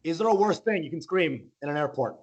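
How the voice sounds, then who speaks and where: A man's voice: a little high, animated, fast, darkish tone, highs cut off. A male comedian doing a stand-up set, rambling, interrupting himself and laughing at his own jokes.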